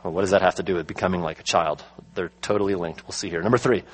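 A middle-aged man preaching a sermon, slowing down to stress his key words. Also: low voice, steady tone, rough recording. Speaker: pastor.

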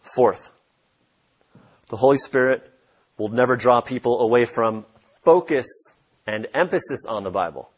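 A man's voice: mid-range voice, unhurried, long pauses, husky, dull audio. A man preaching a sermon as pastor, emphatic and repeating his key points for stress.

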